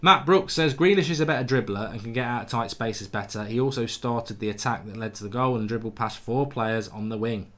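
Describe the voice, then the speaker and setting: A man's voice: medium pitch, fairly bright tone. A man hosting a live football fan stream, reading chat comments aloud and answering in a blunt, opinionated way with frequent restarts. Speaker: football fan channel host.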